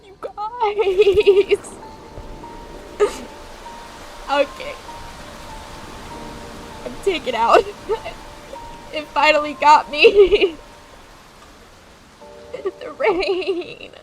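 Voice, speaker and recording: A woman's voice: very high-pitched, drawn-out words, pauses often, soft background music. A young woman streaming a video game, who reacts emotionally, laughing and tearing up as she plays. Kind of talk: live gameplay reaction stream.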